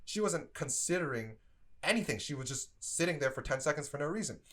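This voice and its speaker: A young man with a bright, fairly high voice tells a story from his old fast-food job. His pitch swings widely as he lays out his exasperation, and he fills his sentences with "like". He speaks casually, as if talking to viewers on a stream. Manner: animated, exasperated storytelling with frequent "like". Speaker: streamer telling work stories.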